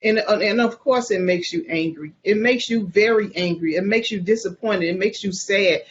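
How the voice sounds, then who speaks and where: A woman's voice: medium pitch, normal speed, muffled recording, a little hiss or hum. A bereaved mother speaking in an interview, earnest and repetitive, often restarting her sentences. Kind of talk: emotional interview testimony.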